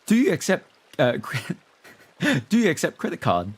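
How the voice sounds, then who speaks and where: A man's voice: a little high, wildly swooping pitch, moderate pace, husky, full character voice. A man putting on a jokey impression of a casual American guy ordering food, laughing as he goes. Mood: mocking. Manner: goofy, laughing through it.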